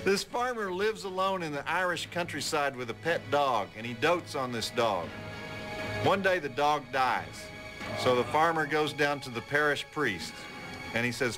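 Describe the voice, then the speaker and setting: A middle-aged man hosting a late-night movie show, telling stories and jokes in a wry, deadpan way. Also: a little high, normal speed, music in the background. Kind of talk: folksy TV host patter and joke telling.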